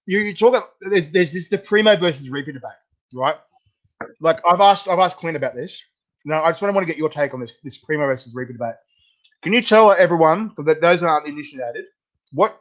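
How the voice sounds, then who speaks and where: Australian male host, chatty and stumbling, fairly high voice, dull lo-fi audio. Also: lively intonation, a little fast, pauses often, a bit bright. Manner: chatty, stumbling, repeats words. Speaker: podcast host. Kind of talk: casual interview. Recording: dull lo-fi sound.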